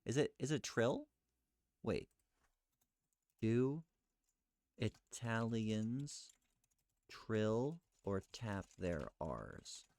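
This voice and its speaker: Low, dry-voiced man thinking aloud. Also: very animated, darkish tone, no echo. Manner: muttering, self-questioning, reading aloud haltingly. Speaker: streamer researching live. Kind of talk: thinking aloud while reading search results.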